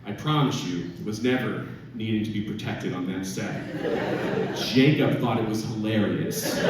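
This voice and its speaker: A man, a filmmaker, telling a lively anecdote at a live audience Q&A, often laughing as he talks. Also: lowish voice. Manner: lively storyteller, often laughing through his words. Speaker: filmmaker answering audience questions. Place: event hall with an audience. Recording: echoey hall from far off, loud noise.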